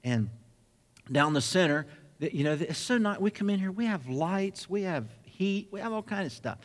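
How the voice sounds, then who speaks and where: A man preaching a sermon, telling a personal story with lively acted-out dialogue. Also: sits high, normal speed, in a large hall. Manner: animated storyteller acting out dialogue. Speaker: pastor.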